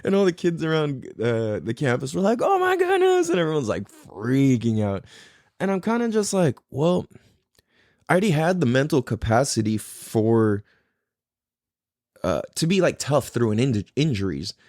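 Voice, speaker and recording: A man in his thirties tells stories on his podcast in a loose, rambling way, cursing freely and circling back when he loses his point. His pitch swings widely as he talks, and the sound is dry and close. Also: very animated, normal speed, a little mellow, dry recording. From California. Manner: rambling, swears a lot, loses his thread. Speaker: podcast host. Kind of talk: casual storytelling.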